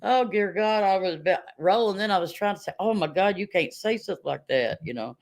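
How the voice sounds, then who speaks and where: A woman's voice: mid-range voice, fairly quick. Laughing, chatty woman livestreamer. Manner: chatty storyteller, laughs often. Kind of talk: casual livestream chat with viewers.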